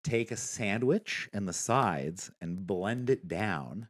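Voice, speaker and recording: A man hosting a podcast, telling a story in a relaxed way with lots of fillers. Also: fairly low pitch, takes it slowly. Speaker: podcast host. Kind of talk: casual podcast chat.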